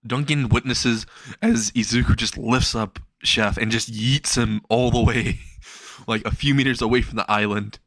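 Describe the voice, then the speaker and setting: A man's voice: mid-range voice, fairly even intonation, moderate pace, a bit bright, no echo. A man casually narrating a fan-made story, rambling and swearing. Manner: rambling, profane, laughs at own jokes.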